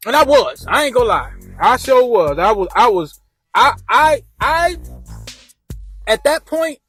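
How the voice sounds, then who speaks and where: A man's voice: very high-pitched, big pitch swings, unhurried, fairly bright tone, slightly rough, faint music behind. A man telling a personal story in a rambling, laid-back way, acting out quotes with slang. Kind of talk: casual storytime narration.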